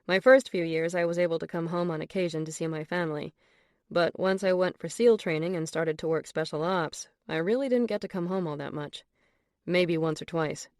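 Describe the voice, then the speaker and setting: A woman voicing a confident, flirtatious wealthy man in an audiobook, speaking low and measured. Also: dry recording, clean studio sound, close to an everyday voice. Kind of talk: audiobook character voice.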